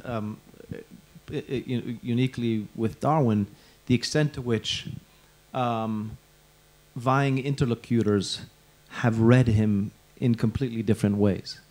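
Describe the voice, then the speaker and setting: A man moderates a conversation before an audience. He thinks aloud, pads his phrases with fillers, and his voice is dark and mellow. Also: medium pitch, steady tone, unhurried. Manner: musing, with many fillers. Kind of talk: conversational public talk.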